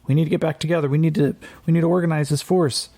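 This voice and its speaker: A man voicing a nervous young male soldier who speaks haltingly, with many fillers. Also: on the high side, steady tone, gravelly, mellow, pitched above the performer's own voice. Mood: urging. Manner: hesitant, halting, full of fillers.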